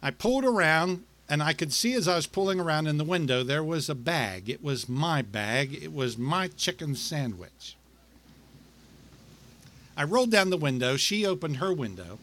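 A middle-aged male pastor delivering a sermon, with rhythmic repetition and dramatic pauses. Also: fairly high pitch, big pitch swings, a bit bright.

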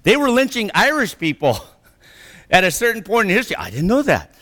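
A middle-aged male presenter with a high, fairly quick, slightly bright voice whose pitch swoops wildly. He gives an anecdotal lecture-style talk, laughing through his stories and often checking in with "okay?" and "right?", and the sound echoes like a reverberant hall.

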